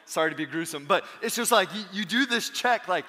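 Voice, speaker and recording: A man in his thirties, a pastor preaching a sermon in animated storytelling style. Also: high voice, fairly quick, big-room sound. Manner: animated storytelling, acting out quotes. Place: church sanctuary.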